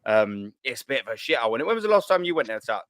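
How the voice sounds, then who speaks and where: Man, London accent, casual chat, rambling, swearing, middle pitch, dry sound, video call. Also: sing-song, rapid-fire, a bit bright, dry recording. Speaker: guest on a fan show.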